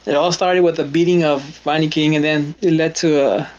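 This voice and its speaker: A middle-aged man chatting on a stream in a rambling, halting way, often starting a phrase over. His voice sits a bit high for a man. The audio is dull and lo-fi. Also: steady tone. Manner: rambling, repeats words, quotes people in exclaiming voices. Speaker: stream host. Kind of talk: casual chat.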